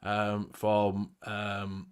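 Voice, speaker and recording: A man's voice: lowish voice, completely flat delivery, very slow, clean tone. A British man hosting a casual group chat, blunt and sweary, laughing often. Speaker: show host.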